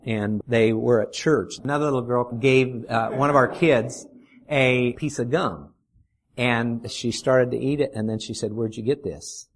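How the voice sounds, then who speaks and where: A middle-aged man preaching a sermon, earnest, putting questions to the congregation and slowing down to stress his points. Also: mid-range voice. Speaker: pastor.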